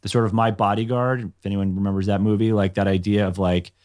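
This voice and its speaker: Low-voiced man telling rambling stories. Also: little pitch movement, fast, darkish tone. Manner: rambling, self-deprecating storytelling with many "like"s. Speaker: podcast guest, show creator. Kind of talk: casual podcast conversation.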